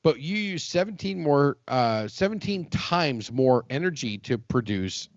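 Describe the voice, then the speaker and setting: A man's voice: mid-range voice, animated, unhurried, no room sound, highs cut off. Rambling, joking man on a podcast. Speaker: podcast co-host. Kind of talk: casual podcast chat.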